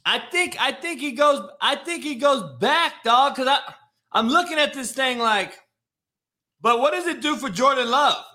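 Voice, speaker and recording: This podcast host's voice is very high-pitched, pushed and bright, with lively intonation and an unhurried pace. On his casual sports talk show he keeps things loose and profane, restarts often, and throws in "dog."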